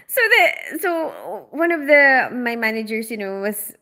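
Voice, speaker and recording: A young adult woman who grew up in the Philippines, hosting a casual livestream and chatting quickly with many fillers and laughs while reading out comments. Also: on the high side, sharp tone. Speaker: livestream host, operating room nurse.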